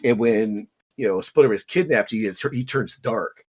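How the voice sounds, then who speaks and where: Rambling man with a lowish voice. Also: normal speed, breathy edge. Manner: rambling, filler-heavy. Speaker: podcast co-host. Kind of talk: casual chat.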